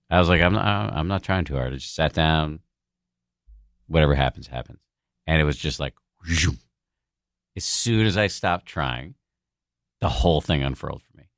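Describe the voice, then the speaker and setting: Very deep-voiced man telling a frank story. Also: a bit bright, no echo, clean studio sound. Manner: frank and profane, self-deprecating. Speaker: podcast guest. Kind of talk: candid conversational storytelling.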